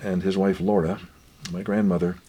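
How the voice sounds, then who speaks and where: An older man gently telling family stories in an unhurried, reflective way, his voice often dropping quiet. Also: deep voice, flat delivery, breathy edge. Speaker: guest author.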